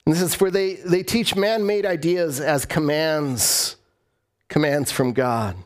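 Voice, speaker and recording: High-voiced preaching man, animated. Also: measured pace. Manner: animated, rhetorical questions, repeats phrases. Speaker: pastor. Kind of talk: conversational sermon.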